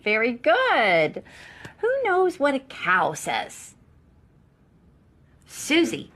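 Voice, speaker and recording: A woman playing a patient schoolteacher quizzing a class, slow and encouraging. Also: a little high, huge pitch swings, a bit bright, heavily acted. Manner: slow, encouraging teacher talk.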